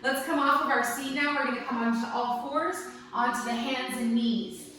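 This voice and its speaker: Playful yoga teacher in an echoey room. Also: female voice, high voice, fairly even intonation, moderate pace. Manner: gentle, playful, encouraging with light jokes. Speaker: yoga instructor. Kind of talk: guided yoga class. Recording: very echoey room, mic at a distance.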